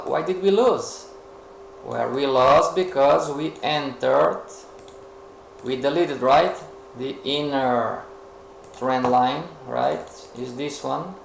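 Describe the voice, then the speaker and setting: Slow, gravelly male trading instructor. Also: medium pitch. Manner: rhetorical, role-plays a frustrated beginner, asks the audience questions. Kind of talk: live webinar lesson. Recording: echoey room with faint noise.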